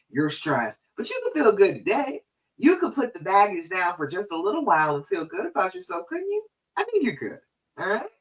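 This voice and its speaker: A woman hosting a live-stream coaching show, encouraging listeners and checking in with "okay?" and "all right?". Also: medium pitch. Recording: voice a bit far from the mic.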